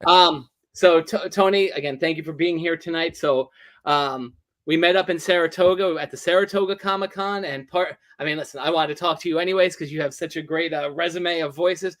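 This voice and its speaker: A man's voice: a little high, fairly even intonation, fairly quick, fairly bright tone. A man hosting a casual interview over a video call, talking hesitantly with many fillers and restarts. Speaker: interview host.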